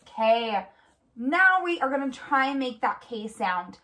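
A woman giving a speech therapy demonstration, prompting step by step in a patient, clear way and praising often. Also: fairly high pitch, sing-song, measured pace, bright, forceful tone. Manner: encouraging with frequent praise. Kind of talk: instructional demonstration.

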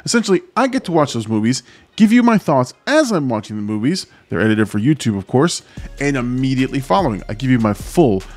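Lively man hosting a movie reaction. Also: medium pitch, a little fast. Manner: energetic and animated, chatty. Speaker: host.

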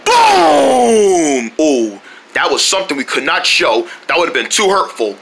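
Someone voicing a gravelly, excitable cartoon hero turned bear. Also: medium pitch, a little slow, a little hiss or hum, full character voice. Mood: gloating. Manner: excitable, shouty, full of sound effects. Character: boastful cartoon hero who turns into a bear.

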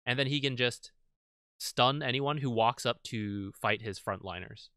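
Guy explaining his game replays, bright clear voice, chatty w lots of ums. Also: medium pitch, unhurried, no echo, clean studio sound. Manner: conversational, many fillers. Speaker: game guide creator. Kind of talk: casual gameplay analysis.

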